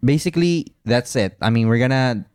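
A man's voice: mid-range voice, animated, a little fast, a little mellow, smooth, no echo, studio quality. A man with a Filipino English accent co-hosting a podcast in easygoing casual chat, mixing in Tagalog phrases. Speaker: podcast co-host.

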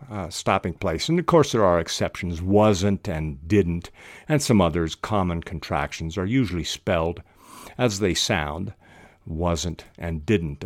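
An older man hosting a podcast lesson on fiction writing, unhurried, with hesitant restarts and fillers. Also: sits low, dry recording, studio quality. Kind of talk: instructional talk on writing.

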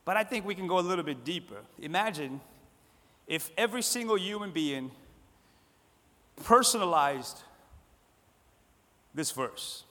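A man preaching a sermon, repeating phrases and swinging between loud emphatic lines and soft, hushed ones. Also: high-pitched, lively intonation, measured pace, long pauses. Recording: long hall reverb.

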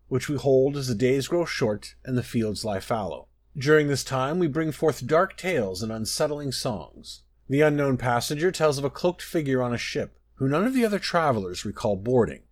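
Man reading out a folk tale, storyteller mode, voice rises and falls a lot. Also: medium pitch. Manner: expressive, lively storytelling. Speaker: narrator. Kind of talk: scripted storybook narration.

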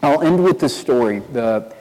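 A man from East Tennessee with a Southern accent, a pastor preaching a sermon in a conversational, storytelling way, earnest and animated. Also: medium pitch, normal speed, long reverb tail, poor audio. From East Tennessee, USA. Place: church sanctuary with long reverb.

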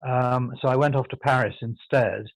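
In a rough recording with no room sound, an older Englishman talks in a steady tone at medium pitch. As an interview guest with a posh southern accent, he reflects thoughtfully, often pausing to rephrase from the start, halting and correcting himself as he goes.

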